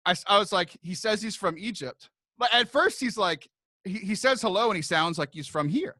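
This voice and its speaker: A man's voice: sits high, animated, brisk, bright, forceful tone, dry recording, studio quality. A young man on a podcast, telling a rambling personal story in casual chat, full of restarts and sudden laughs. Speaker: podcast co-host.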